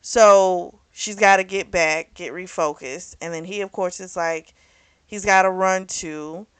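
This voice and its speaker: Woman, book club host, lowish pitch, close dry mic, loose rambling recap full of filler words. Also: steady tone, measured pace, fairly bright tone, clean tone, no echo. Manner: chatty, rambling, full of "like" and "you know"; self-correcting, loses track of names.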